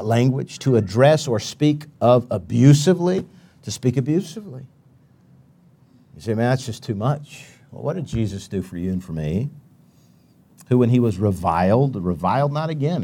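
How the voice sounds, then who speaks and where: A man delivers a sermon in an easygoing, conversational manner. He quotes scripture and often backs up to restart his sentences. His voice sits at an ordinary middle pitch. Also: expressive, normal speed, mellow, breathy edge. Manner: conversational preaching with many restarts, quoting Bible verses. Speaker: preacher.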